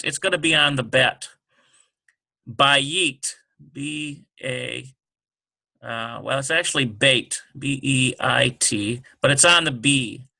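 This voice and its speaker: A man teaching a relaxed language lesson, working through words slowly and thinking aloud with many fillers. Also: medium pitch, vocal fry. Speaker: Hebrew teacher.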